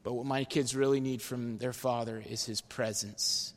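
Pastor, male, mid-pitched, earnest sermon delivery with loud emphasis and hushed appeals, church hall reverb. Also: fairly even intonation, moderate pace. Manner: earnest, swings between loud emphasis and soft low-voiced appeals. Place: church sanctuary.

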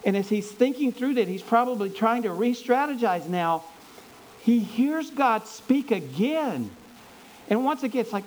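A man preaching a sermon by retelling a Bible story with animated enthusiasm, often repeating words as he goes. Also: extremely high pitch, measured pace, a little hiss or hum, poor audio.

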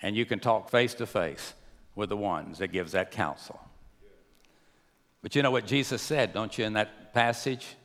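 A man preaching a sermon to a church, swinging between hushed and raised delivery. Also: mid-range voice, lively intonation, normal speed. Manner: preaching with wide swings from soft to loud. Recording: long hall reverb.

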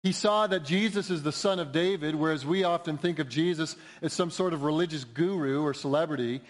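A man's voice: fairly high pitch, fairly quick. A man preaching a sermon in an earnest, emphatic way, building to rising appeals. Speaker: pastor.

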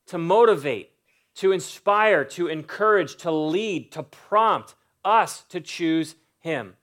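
A man's voice: high voice, lively intonation, takes it slowly, fairly bright tone. A man preaching a sermon, building emphatic lists and stressing key words. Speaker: pastor.

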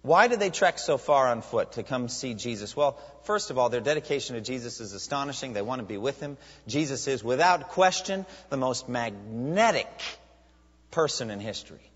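A man preaching a sermon as a pastor, animated, with many rhetorical questions. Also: mid-range voice, moderate pace, slightly rough. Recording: dull lo-fi sound with long hall reverb.

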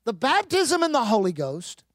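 A man's voice: very high-pitched, huge pitch swings, moderate pace, dry recording. Emphatic preacher man, dry sound. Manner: preaching with emphatic rises and repetition, calls to the congregation. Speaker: pastor. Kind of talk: sermon.

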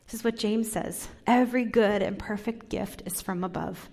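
Soft-spoken woman preaching, husky tone. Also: medium pitch, moderate pace. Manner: soft, drops into whispers for emphasis. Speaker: pastor. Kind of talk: sermon.

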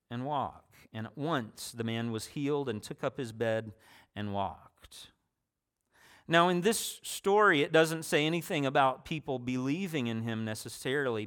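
A man's voice: mid-range voice, a bit bright. A man preaching a sermon in a conversational way, restarting phrases and adding personal asides.

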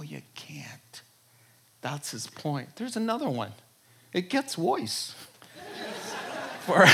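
A pastor from a Jewish background preaches in a somewhat high voice, emphatic and animated. He laughs often and swings between loud exclamations and near-whispers.

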